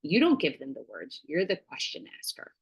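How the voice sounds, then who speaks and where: A woman's voice: deep voice, wildly swooping pitch, normal speed, breathy edge, dull audio. A woman giving a casual parenting workshop, chatty and full of fillers, acting out little dialogues.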